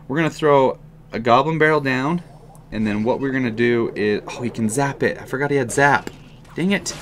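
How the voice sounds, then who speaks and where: Excitable man commentating a mobile game. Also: medium pitch, a little hiss or hum. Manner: excitable, swings from calm talk to loud frustrated outbursts. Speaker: gaming commentator. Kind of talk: live gameplay commentary.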